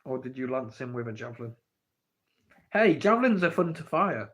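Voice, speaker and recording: A man's voice: mid-range voice, very animated, moderate pace, a bit bright, slightly rough. An English man hosting a casual livestream, reading the chat and playfully pestering viewers for the story. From England. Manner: playful, teasing, pleading for the story. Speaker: livestream host. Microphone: phone.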